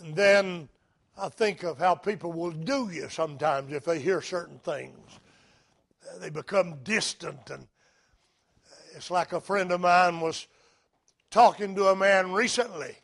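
Brief: male preacher, high voice, slow and emphatic, builds to shouts. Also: creaky. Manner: emphatic, rising to shouts, anecdotal. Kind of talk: sermon.

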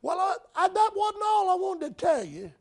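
A man voicing a frail, sweet elderly woman with a squeaky, high-pitched voice, telling a story eagerly. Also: big pitch swings, moderate pace, creaky, exaggerated voice.

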